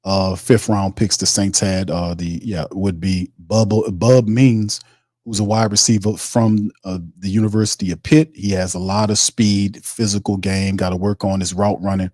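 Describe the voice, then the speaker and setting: A man's voice: low-pitched, steady tone, moderate pace, darkish tone, no echo, studio quality. A man hosting a live sports stream, reading viewer comments and reacting in loose, slangy talk. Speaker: sports podcast host. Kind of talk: casual live-stream chat.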